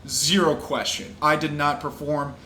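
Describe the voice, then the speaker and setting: A man's voice: a little high, flat delivery, unhurried, pushed and bright, slight background noise. A young man, hosting a casual podcast, talking loosely with frequent swearing and easy laughs. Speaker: podcast host and pro fighter. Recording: echoey room with faint ambience.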